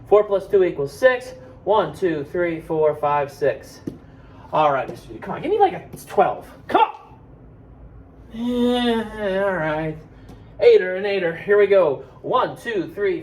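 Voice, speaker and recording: A man teaching kids a math board game, talking loudly and playfully. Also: high voice, slight background noise. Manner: loud, excitable, playful.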